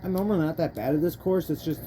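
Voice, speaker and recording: Over faint game music and slight background noise, a young woman with a low, mellow voice speaks fast while commenting on the racing game she's playing. Her let's play talk is a frustrated, profane, rambling rant, and she keeps breaking off partway through sentences.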